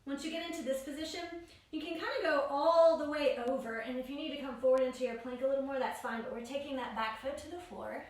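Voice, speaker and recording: A yoga instructor with a bright, high voice guides a class at a quick pace, calling out each pose and breath in a steady rhythm. She sits far back from the microphone in a very echoey room, so her voice rings out.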